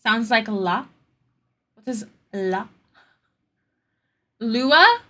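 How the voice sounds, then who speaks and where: Bright-voiced young woman chatting. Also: on the high side, animated, very slow. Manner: chatty, answering chat with rambling asides. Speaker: streamer. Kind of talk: casual chat while drawing on stream.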